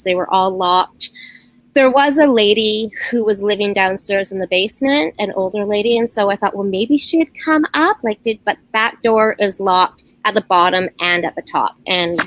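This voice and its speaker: A middle-aged woman tells of eerie events in her old home in an earnest, storytelling manner. Her voice sits at an ordinary middle pitch, recorded close and dry with no room sound around it. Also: a bit bright, no echo, rough recording. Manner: earnest storytelling, quoting her children's words. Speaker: interviewee recounting a haunting. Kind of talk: personal account, documentary interview.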